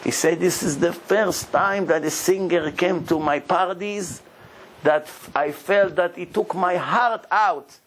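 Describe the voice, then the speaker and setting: His voice sits high and moves slowly, recorded on low-quality audio with a little hiss or hum, as this rabbi shares sermon stories. He tells them with animation, acting out the people involved and laughing often.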